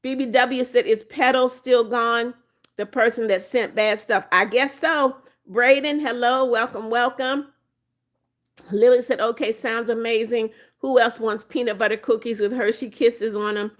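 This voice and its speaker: A woman from Florida hosts a casual phone livestream, reading her viewers' comments aloud one by one. Her voice sits a little higher than most, friendly and talkative, and she turns firm when she lays down her rules. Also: fairly even intonation, unhurried. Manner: warm, chatty, firm about her rules. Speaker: livestream host.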